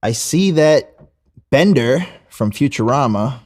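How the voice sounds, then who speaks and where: Podcast co-host, man, mid-pitched, crude and easygoing, stumbling restarts. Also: lively intonation, takes it slowly, darkish tone. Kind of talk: casual chat.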